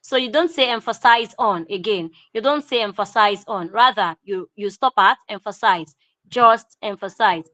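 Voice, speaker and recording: A woman with a Nigerian English accent teaching an online grammar lesson, repeating key phrases slowly for emphasis. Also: mid-range voice, pushed and bright, no room sound, dull audio.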